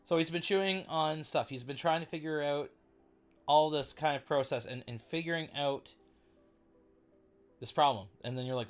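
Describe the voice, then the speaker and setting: A man hosting a casual livestream Bible study, chatty and excitable, breaking off to react to viewers. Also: on the high side, normal speed, long pauses.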